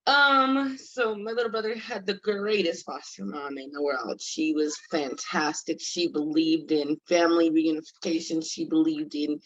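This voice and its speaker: A woman's voice: sits low, fairly even intonation, unhurried, few pauses, no echo, muffled recording. A young woman from Colorado, a guest telling her own story in an earnest, casual way, full of "like" and "you know". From Colorado, USA. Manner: earnest, conversational, many "like" and "you know" fillers. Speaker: guest, former foster youth.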